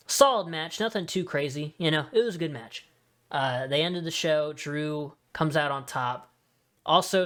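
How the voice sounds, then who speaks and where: A man hosting a podcast in a casual solo chat, talking in an excitable, rambling way with many asides. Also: on the high side. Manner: excitable, rambling fan talk with frequent fillers and asides. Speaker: wrestling podcast host.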